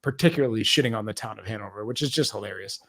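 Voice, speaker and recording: Animated, swearing male podcast host. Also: lowish voice, rapid-fire, creaky. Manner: animated, profane storytelling with mimicry. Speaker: movie review podcast host. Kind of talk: casual chat.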